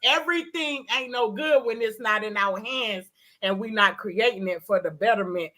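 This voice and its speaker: A woman's voice: on the high side, moderate pace, over a noisy crowd. A woman hosting a casual talk, ranting in a heated, emphatic way and repeating her points. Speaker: host. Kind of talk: casual chat.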